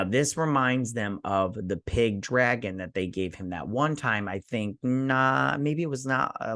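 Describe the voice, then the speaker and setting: A man's voice: mid-range voice, dry recording, clean studio sound. A man in a medium voice gives a loose, chatty recap of a television episode. He slips in and out of quoted lines with playful asides and plenty of filler words. He speaks as the host of a review show. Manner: animated storytelling, acting out characters' lines with fillers.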